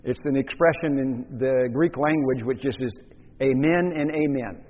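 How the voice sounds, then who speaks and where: Preacher man in an echoey hall. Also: mid-range voice. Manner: measured teaching with rhetorical questions. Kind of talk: expository sermon. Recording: muffled, echoey hall recording.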